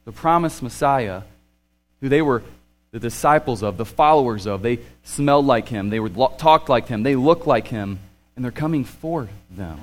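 A man in his thirties preaching a sermon, animated and swinging between excited and hushed. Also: medium pitch, normal speed. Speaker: pastor.

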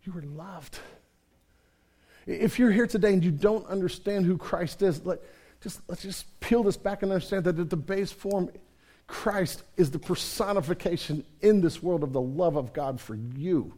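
A man preaches to his church with a slightly high, bright-edged voice. He moves between soft, close passages and loud, rising questions, pushing his listeners to respond. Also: normal speed. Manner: swings from hushed to loud emphatic questions. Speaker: pastor. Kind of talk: sermon.

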